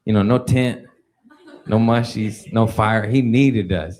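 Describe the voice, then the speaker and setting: Dude telling a wild profane story, keeps cracking himself up, lots of hiss and clicks behind him. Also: male voice, on the low side, fairly even intonation, slow pace. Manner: laughing through his own story, loose and crude. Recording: noisy recording with clicks.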